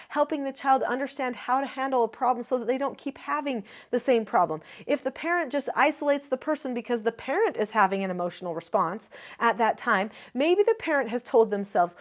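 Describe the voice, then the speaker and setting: A woman's voice: a little high, expressive, brisk, few pauses. A middle-aged woman giving a parenting lesson straight to the camera, explaining in an earnest way and briefly acting out what a parent or child might say. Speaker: parenting educator.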